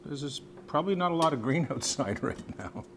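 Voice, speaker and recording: Chatty chef over a sizzling pan. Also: male voice, fairly high pitch, moderate pace. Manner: chatty, joking, lively asides. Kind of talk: cooking demonstration. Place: kitchen, cooking at the stove. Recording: sizzle and kitchen noise.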